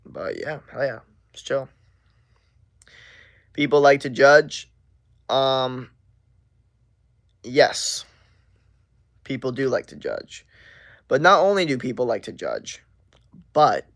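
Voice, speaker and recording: A man's voice: medium pitch, dry recording, clean studio sound. A man in his twenties hosting a casual livestream, rambling through chat questions with lots of "like" and "bro" filler. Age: 20s. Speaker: livestream host.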